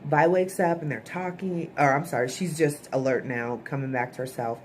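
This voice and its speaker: A woman's voice: low voice, moderate pace, a little mellow, slight background noise. A woman giving a chatty, opinionated recap of a TV episode, blunt and swearing casually. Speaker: TV episode reviewer.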